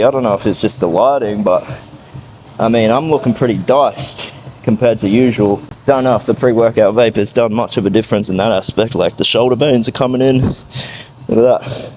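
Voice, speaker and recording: A man's voice: fairly low pitch, dark tone, slight background noise, rough recording. A man vlogging casually from a gym, chatty and hyped as he talks through his workout. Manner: hyped, chatty, self-amused. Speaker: fitness vlogger. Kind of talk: casual vlog commentary.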